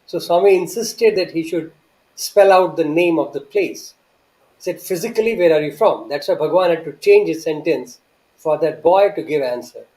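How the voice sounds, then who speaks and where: A man's voice: fairly high pitch, normal speed, dark tone, rough recording. A man, telling an earnest, reverent story from his student days with many restarts and rhetorical questions. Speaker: guest recounting memories.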